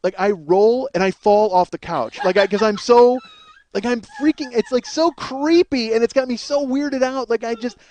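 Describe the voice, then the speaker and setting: A comedian host telling a crude personal story in a rambling, profane way, often repeating and restarting himself. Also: male voice, very high-pitched, moderate pace, a little mellow.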